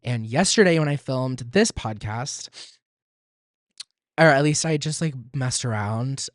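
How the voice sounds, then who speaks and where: A man's voice: fairly high pitch, sing-song, normal speed, no echo, studio quality. A young man from Texas in his twenties hosting a solo podcast, chatty and self-deprecating, breaking into sudden squeals and laughs. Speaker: podcast host.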